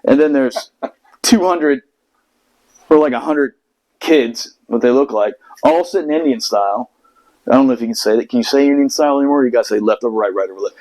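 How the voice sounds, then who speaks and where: A man's voice: medium pitch, a little fast, darkish tone, rough recording. A man from the United States telling a long story in casual chat, profane and rambling, with many restarts. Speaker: podcast host telling a story.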